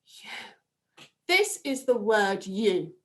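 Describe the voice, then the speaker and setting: A woman teacher leads young children through a phonics lesson. She speaks slowly and deliberately in a bouncy sing-song voice that rises high on each sound. Her pitch sits a little above average. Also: sing-song. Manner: slow, clear, sing-song prompting with drawn-out sounds. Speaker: primary school teacher.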